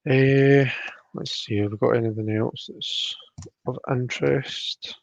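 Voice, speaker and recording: A man hosting a casual live stream, reading tarot cards and chatting with viewers. He talks fast and tends to mumble. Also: mid-range voice, fairly even intonation, vocal fry, dry recording. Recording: dry, dull lo-fi sound.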